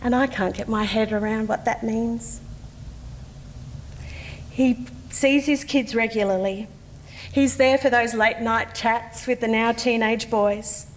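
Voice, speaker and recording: Australian woman, 40s, slightly high voice, earnest testimony, long hall reverb. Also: steady tone, slight background noise. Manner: measured, earnest, with slow deliberate pauses. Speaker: conference speaker. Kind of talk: personal testimony, read aloud. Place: conference hall.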